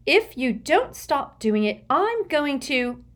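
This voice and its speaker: A woman's voice: mid-range voice, sing-song, takes it slowly, fairly bright tone, voice pushed up, full character voice. A woman voicing a bossy, indignant teenage schoolgirl witch who scolds sharply and emphatically.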